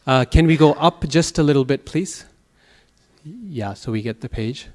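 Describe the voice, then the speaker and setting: A man teaching a Sanskrit class, explaining patiently, checking in with the students and reciting verse slowly in rhythm. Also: a little high, expressive, darkish tone. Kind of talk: classroom lecture. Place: temple classroom.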